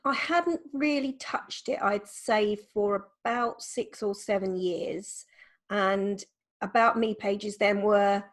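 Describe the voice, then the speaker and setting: A woman, a photographer, answering interview questions over a video call in a thoughtful, hesitant way. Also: on the high side. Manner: thoughtful, hesitant, with ums and repeats. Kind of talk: casual conversational interview.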